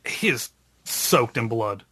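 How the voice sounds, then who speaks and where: A man runs a tabletop game as game master, describing scenes slowly. He pauses often and fills gaps with ums. His voice sits in a mid range and sounds dry and close. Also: medium pitch, expressive, sharp tone, slightly rough, no room sound. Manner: halting, filler-heavy narration.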